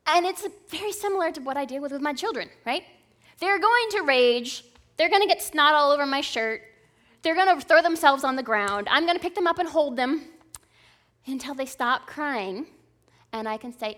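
A woman in her thirties delivers a sermon with a slightly high voice. She preaches in an earnest, conversational way and keeps checking in with the listeners. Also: lively intonation, moderate pace, a bit bright. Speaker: speaker at a church service.

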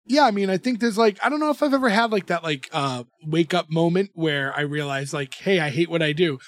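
A man's voice: on the high side, lively intonation, brisk, no echo. A man co-hosting a podcast, recapping a show in rambling casual chat with lots of fillers and restarts. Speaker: podcast co-host.

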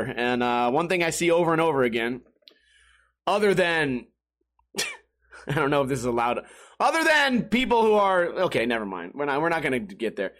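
A man's voice: on the high side, a bit bright. A young man hosting a casual solo podcast, rambling and swearing, laughing at his own bad luck. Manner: rambling, profane, self-mocking, laughs often. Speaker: podcast host.

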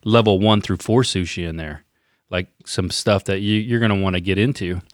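A man's voice: low voice, no echo. Male co-host, playful jokester, dry close mic. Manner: playful, teasing, talks in quick bursts. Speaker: podcast co-host. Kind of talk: casual chat.

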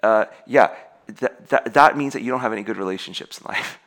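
A young adult man preaching a sermon to his congregation in an animated way, laughing often and restarting his sentences. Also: on the low side, brisk. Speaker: pastor.

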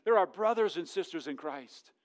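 A middle-aged man, a pastor preaching a sermon in a church, jokey and animated, swinging between loud and hushed. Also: on the high side, normal speed. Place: church sanctuary.

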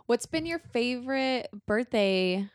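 A woman co-hosts a podcast in an unhurried, teasing way, and she asks a lot of questions. Her voice is dry and close, with no room echo. She sounds relaxed and chatty. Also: a little high. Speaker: podcast co-host. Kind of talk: casual chat.

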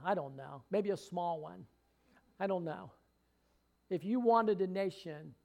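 A man delivers a sermon in a church hall, his voice sitting notably high for a man. He preaches with fervor and builds into emphatic, drawn-out readings of scripture. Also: darkish tone.

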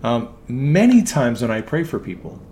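A man's voice: mid-range voice, sing-song, moderate pace, mellow, a little hiss or hum. A man, an ambulance medic, giving a casual religious teaching talk, hesitating with frequent ums and restarts. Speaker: ambulance medic speaking on faith.

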